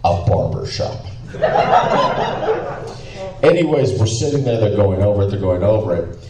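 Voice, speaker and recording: Male panelist, relaxed storyteller with a warm low tone, recorded from across a reverberant room. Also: unhurried, a crowd in the background. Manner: animated anecdotal, with laughing asides and profanity. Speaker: panelist telling stories at a live event. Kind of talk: casual storytelling to a live audience. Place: live event room with audience. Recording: roomy hall, picked up from a distance.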